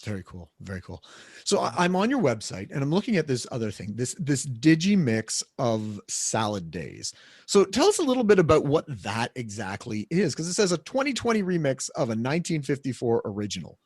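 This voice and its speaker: A man's voice: medium pitch, very animated, fairly quick, darkish tone, slightly rough, no echo, studio quality. A man hosting a radio interview, encouraging his guest and asking questions. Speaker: radio show host.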